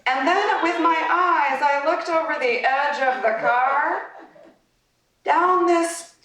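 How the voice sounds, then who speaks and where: A woman giving a personal storytelling speech at a club meeting, with dramatic pauses and laughing through the telling. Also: high voice, fairly bright tone. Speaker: club speaker. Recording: roomy, distant mic, faint noise.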